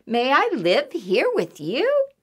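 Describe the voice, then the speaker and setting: Woman putting on a squeaky little mouse. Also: wildly swooping pitch, slow pace, a bit bright, slightly rough, heavily acted. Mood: polite hopeful. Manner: squeaky, high and sweet. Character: small polite female mouse, hungry, searching for a home.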